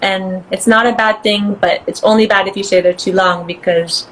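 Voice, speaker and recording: A woman guest in a casual interview chat, bubbly and quick to laugh, acting out voices as she tells stories. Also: medium pitch, steady tone, a bit bright, a little hiss or hum, poor audio.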